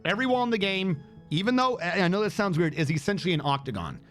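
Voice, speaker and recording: A male streamer giving rambling, excitable gameplay commentary with lots of fillers. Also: high-pitched, quick pace, faint music behind.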